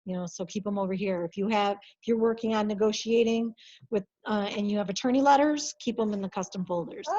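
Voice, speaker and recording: A woman working as a compliance coordinator, walking colleagues through software in a practical, lightly chatty way. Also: mid-range voice, quick pace, lo-fi sound. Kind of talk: software training over video call.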